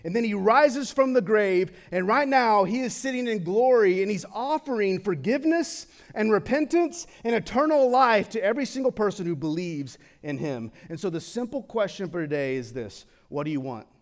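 A young man preaching a sermon in a casual, conversational way, swinging from excited to hushed and solemn. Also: high-pitched, normal speed, hardly any pauses. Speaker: pastor.

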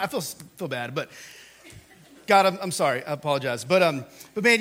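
A man preaching a sermon, talking to the congregation in a casual way, with loud, animated bursts of emphasis. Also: fairly high pitch, moderate pace. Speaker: pastor.

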